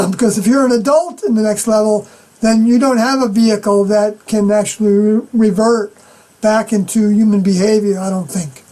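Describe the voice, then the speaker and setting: A middle-aged woman giving an unscripted scripture commentary as a personal testimony, halting and often clearing her throat. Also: mid-range voice, steady tone, dark tone, low-quality recording.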